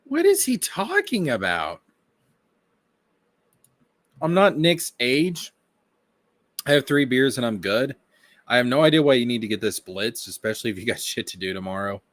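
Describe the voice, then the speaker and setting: A man giving reaction commentary on a stream, excitable, profane and mocking. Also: mid-range voice, normal speed, pauses often, dry recording.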